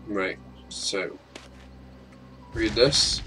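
A man's voice: fairly low pitch, fairly even intonation, unhurried, fairly bright tone, soft background music, poor audio. A man giving casual let's-play commentary as a gaming YouTuber, rambling and self-mocking in an offhand way.

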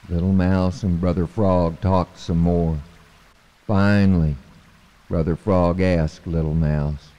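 Man, storyteller, slow and measured, deep mellow voice, long hall reverb. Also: level tone, muffled recording. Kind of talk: storytelling narration.

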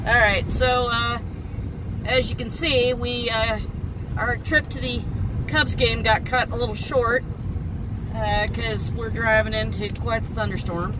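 A woman's voice: on the high side, steady tone, unhurried, noisy background. A woman hosting her own pipe-smoking vlog, chatting casually to camera in a rambling, self-mocking way with plenty of fillers.

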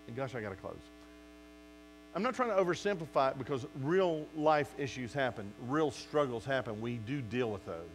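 A man's voice: mid-range voice, normal speed, soft background music, poor audio. A male pastor preaching a sermon, acting out quotes from his listeners and talking straight to them. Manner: animated preaching with acted-out quotes.

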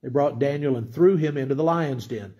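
A man's voice: mid-range voice, brisk, dark tone, husky. A middle-aged man giving a conversational Bible teaching sermon, often asking his listeners questions. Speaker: pastor.

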